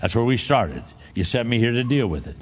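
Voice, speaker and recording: A man's voice: mid-range voice, very animated, brisk, big-room sound. A man preaching a conversational sermon, humorous and full of restarts and laughter.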